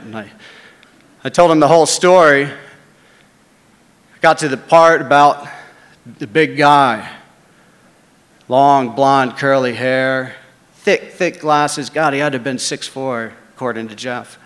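A man's voice: mid-range voice, slow, long pauses, a bit bright, big-room sound. A man casually telling a first-person story, conversational and salty.

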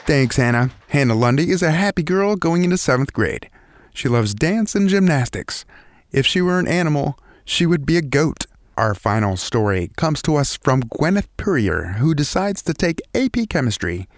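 A man hosting a storytelling show, calmly reading scripted introductions for each storyteller in a measured way. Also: a little high, dry recording, studio quality. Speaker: host.

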